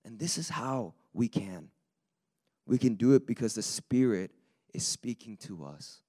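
A male preacher with a slightly low, raspy voice. He delivers his sermon in a lively, conversational way and pushes hard on the key points. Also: measured pace. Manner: lively and conversational, building to emphatic peaks.

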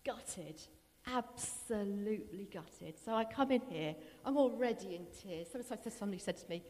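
A middle-aged woman giving a personal testimony in an earnest, emotional way that often drops to a hushed voice. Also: mid-range voice, lively intonation, moderate pace, long reverb tail. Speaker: church member giving testimony.

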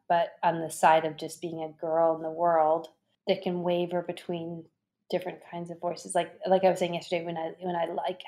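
A woman in casual conversation, chatty, getting animated as she describes things. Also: on the low side. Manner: chatty, animated when quoting voices. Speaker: conversation partner.

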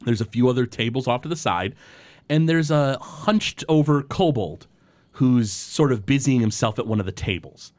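A man's voice: mid-range voice, expressive, moderate pace, darkish tone, dry recording. A man narrating as game master, describing scenes in a rambling way with many fillers and restarts.

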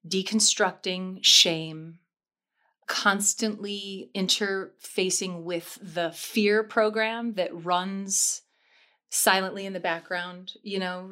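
An improv comedian, a woman, talks openly as an interview guest. She is effusive and laughs at herself. Her energy swings quickly from quiet reflection to bursts of enthusiasm. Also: lowish voice, smooth. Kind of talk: candid interview chat.

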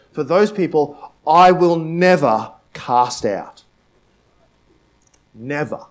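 A man delivers a sermon in a chatty, conversational way, his voice sitting a little higher than most men's. He keeps checking in with "right?" and repeats his key lines, sometimes dropping almost to a hush. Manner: conversational preaching with frequent "right?" and "like" asides; repeats key phrases for emphasis, drops to a hush at times. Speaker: pastor.

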